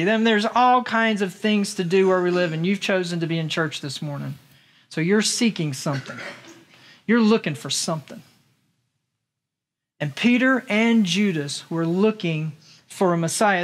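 High-voiced male pastor preaching. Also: fairly bright tone. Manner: conversational, rhetorical questions to the congregation. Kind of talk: sermon. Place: church in Las Vegas.

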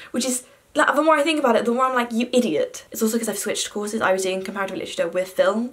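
A woman's voice: a little high, a bit bright. A young woman, chatting to camera in a self-deprecating, casual way with the odd swear word. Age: young adult. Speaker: vlogger.

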